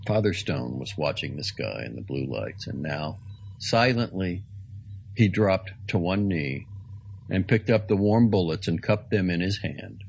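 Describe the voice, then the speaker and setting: A man reading a story aloud in a slow, deliberate, dramatic way. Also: low voice, animated, creaky, darkish tone, dull audio, a little hiss or hum. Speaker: narrator. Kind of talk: audiobook reading.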